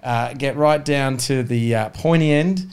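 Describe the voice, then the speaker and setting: Man, podcast co-host, casual anecdote, chatty, mid pitch. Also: a little slow, smooth. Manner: chatty, laughing storyteller.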